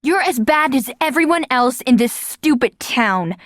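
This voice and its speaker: A woman's voice: high voice, lively intonation, measured pace, no echo, clean studio sound, voice pushed up. A woman doing a prickly, sullen teenage girl. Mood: defensive. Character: defensive, prickly teenage girl, quick-tempered. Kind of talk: audiobook character voice.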